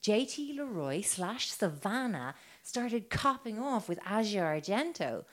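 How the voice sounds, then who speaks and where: A woman's voice: medium pitch, sing-song, measured pace. A woman, hosting a podcast and telling a story in casual, chatty talk full of fillers and swearing. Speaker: podcast host.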